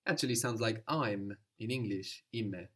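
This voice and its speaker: A man's voice: lowish voice, moderate pace. A man teaching a language lesson, patiently explaining and prompting his student.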